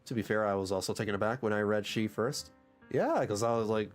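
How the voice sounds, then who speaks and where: A sick male game streamer, reading game dialogue aloud and reacting in an animated way. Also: fairly low pitch, fairly quick, faint music behind. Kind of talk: livestream gameplay commentary and dialogue reading.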